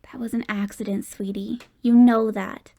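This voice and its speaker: A woman's voice: mid-range voice, little pitch movement, normal speed, warm tone, lightly acted. A woman voicing a grieving, loving middle-aged mother in an audiobook, speaking in a pleading, tender way.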